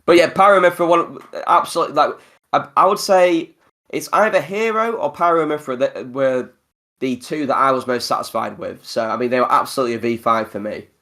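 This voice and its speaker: A man hosting a relaxed podcast conversation at an ordinary middle pitch. He talks in an animated way and breaks into laughter often. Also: a little fast. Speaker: podcast host. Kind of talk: casual podcast chat.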